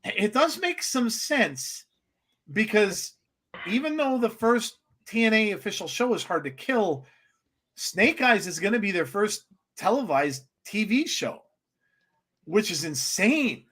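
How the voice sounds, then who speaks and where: A man co-hosting a live wrestling watchalong, giving excitable reaction commentary with many restarts. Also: sits high, takes it slowly, husky.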